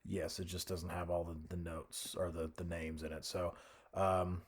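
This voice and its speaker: A young man casually talking through a music software tutorial, thinking aloud with fillers and restarts. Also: sits low, level tone, normal speed. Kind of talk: screen-recorded software tutorial.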